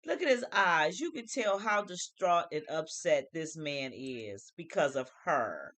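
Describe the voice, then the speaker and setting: A woman's voice: low-pitched, expressive, unhurried, fairly bright tone. A woman hosting a casual reality TV commentary vlog, emphatic and repetitive, speaking with slang. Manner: emphatic, repeats phrases, uses slang. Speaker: show host reviewing reality TV.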